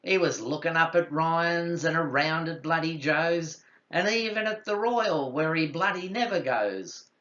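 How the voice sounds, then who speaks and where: A man voicing a rowdy male country pub drinker who is loud and blunt and swears casually. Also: on the high side, lively intonation, a little slow, few pauses, lo-fi sound, voice pushed up. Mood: ribbing.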